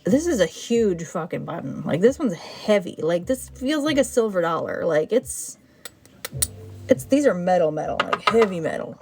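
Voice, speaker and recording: A woman's voice: lowish voice, normal speed, a little hiss or hum. Chatty woman sorting buttons. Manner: chatty, talks to the buttons, excitable. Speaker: button seller sorting her finds on a livestream. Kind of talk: casual livestream chatter. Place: indoor room.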